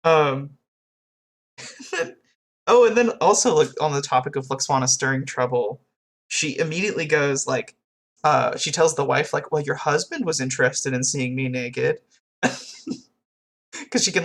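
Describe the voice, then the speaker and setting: A podcast co-host in casual chat who retells scenes in an animated way and acts out the quotes. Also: mid-range voice.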